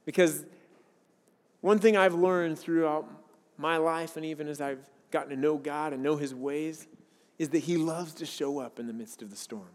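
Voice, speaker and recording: High-voiced male pastor in an echoing hall. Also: steady tone, moderate pace. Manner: earnest, conversational preaching with personal stories. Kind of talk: sermon. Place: church sanctuary with a worship team. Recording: long reverb of a large hall.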